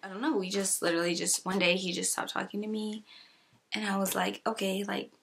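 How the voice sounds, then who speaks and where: Young woman, from California, casual storytime, sassy and chatty, mid-pitched voice, soft whispered asides. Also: little pitch movement, brisk, vocal fry, husky. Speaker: YouTuber.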